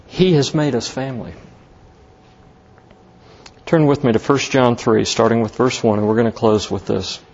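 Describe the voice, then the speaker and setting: A man preaching a sermon as pastor, slow and emphatic, lifting his voice on key words. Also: mid-range voice, steady tone, darkish tone, breathy edge, highs cut off.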